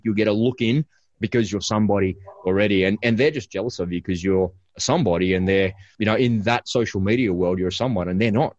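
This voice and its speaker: A man hosting a podcast, telling a story about his family in a casual, animated way with many restarts. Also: fairly low pitch, dry recording, highs cut off. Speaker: podcast host and father.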